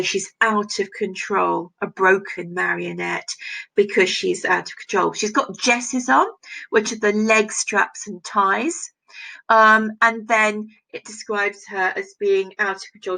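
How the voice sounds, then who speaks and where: Woman, teacher, recorded online lesson, explains line by line, gravelly edge. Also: medium pitch, fairly bright tone, low-quality recording. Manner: explains a text line by line, often asking "isn't it?". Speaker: English teacher. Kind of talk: recorded distance-learning lesson.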